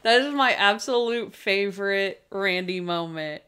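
A woman co-hosting a podcast, chatting casually about favorite moments. Her voice sits at an ordinary middle pitch. She is animated and laughs often as she retells things. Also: measured pace, clear, resonant tone. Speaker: podcast co-host.

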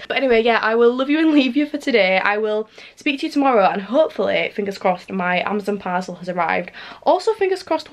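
A woman in her twenties with a British accent, chatting casually and gushing in a home vlog. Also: medium pitch. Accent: British English. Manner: chatty, gushing, full of fillers. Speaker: vlogger. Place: bedroom at home.

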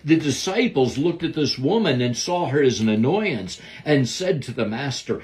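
A man's voice: mid-range voice, expressive, moderate pace, hardly any pauses, a little mellow. A man giving a devotional Bible lesson, preaching in an earnest, emphatic way. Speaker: Bible teacher.

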